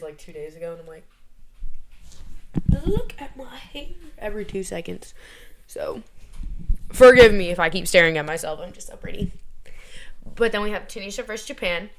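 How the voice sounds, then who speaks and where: A young woman from the United States talks to her viewers in a loose, chatty vlog. She is playful and self-mocking, rambling along at an easy pace and often laughing at herself. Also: mid-range voice. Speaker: vlogger. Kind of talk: casual chat.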